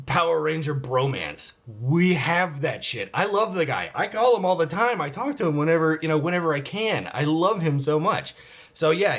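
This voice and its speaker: A man's voice: a little high, fairly bright tone. A man in his forties answering viewer questions on his vlog in a rambling, candid way, swearing freely. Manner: rambling, profane and candid, with frequent fillers. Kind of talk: casual vlog Q&A.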